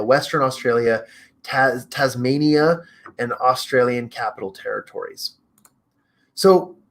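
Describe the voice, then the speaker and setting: A man's voice: medium pitch, fairly bright tone. A man hosting his own podcast, chatting casually to his listeners, stumbling over names and laughing at himself. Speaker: podcast host. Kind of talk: casual solo talk to listeners.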